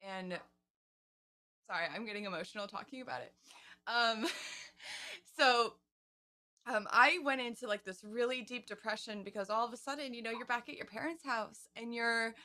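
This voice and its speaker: Bright-voiced chatty young woman. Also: a little high, moderate pace. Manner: chatty, emotional storytelling with quoted asides. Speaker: interview guest, singer. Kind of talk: casual interview.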